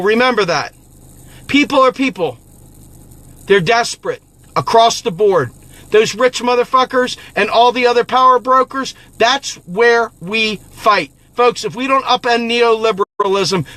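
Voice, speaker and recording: A man's voice: high-pitched, sharp tone, no echo. A man hosting an impassioned political monologue who talks in a profane, fiery, exhorting way. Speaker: political activist host.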